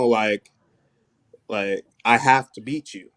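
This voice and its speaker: A man guesting on a gaming talk show, soft-spoken and leaning on "like" as filler. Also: medium pitch, normal speed, no room sound. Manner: soft-spoken, filler-heavy, says "like" a lot. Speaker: guest, league player. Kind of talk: casual chat.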